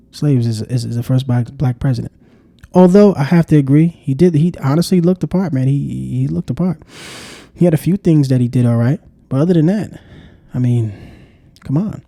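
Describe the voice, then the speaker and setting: A man talks straight to the camera in a casual, exasperated commentary style. His voice is dark and mellow and sits a bit high for a man. It is recorded close and dry, with no room echo. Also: brisk. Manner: exasperated, repeats "come on, man". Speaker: vlogger. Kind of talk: casual political commentary monologue.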